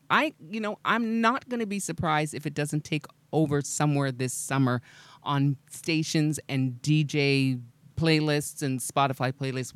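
A woman's voice: deep voice, clear, resonant tone, dry recording. A woman hosting a radio show, interviewing a guest in a friendly, giggly, chatty way.

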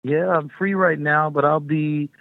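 A woman's voice: sits low, fairly even intonation, a little slow, no echo. A middle-aged woman, a touring music artist, chatting as a guest in a rambling way and laughing often. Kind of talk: casual phone interview. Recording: tinny phone line.

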